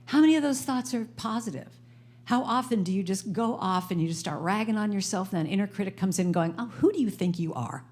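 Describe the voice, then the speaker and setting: A middle-aged woman speaks at a live service in a spiritual center. Her delivery is playful and animated, with a medium-pitched voice, and she coaxes the audience into call-and-response. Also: fast talker. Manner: playful, animated, leads the audience in repeating phrases. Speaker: guest speaker and singer-songwriter.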